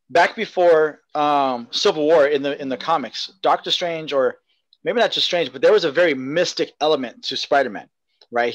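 A man co-hosting a podcast in casual chat, rambling and excitable, laughing often. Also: fairly high pitch, no room sound, dull audio. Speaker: podcast co-host.

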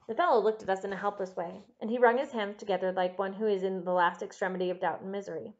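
Woman reading an audiobook, lo-fi sound. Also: mid-range voice. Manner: measured, expressive storytelling. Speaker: audiobook narrator. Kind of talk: audiobook reading of a classic novel.

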